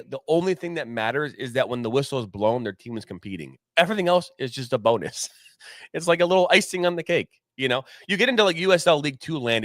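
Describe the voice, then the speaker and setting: Here the soccer podcast co-host has a mid-range, fairly bright voice, recorded cleanly in a studio without echo. His commentary is a frank, opinionated rant, swearing often and restarting his thoughts as he rambles.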